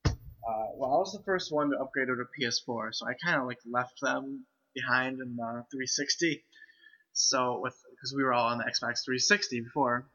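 A man's voice: mid-range voice, steady tone, normal speed, pushed and bright. A man hosting a casual podcast chat, speaking hesitantly with frequent restarts. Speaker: podcast host. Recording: lo-fi home mic.

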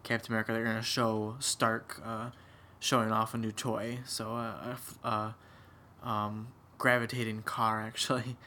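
A man's voice: fairly low pitch, completely flat delivery, moderate pace, pushed and bright, slight background noise. A man co-hosting a podcast, chatting casually about a movie with jokes and many fillers. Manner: jokey, hesitant, many fillers. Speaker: podcast co-host. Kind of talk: casual movie recap chat.

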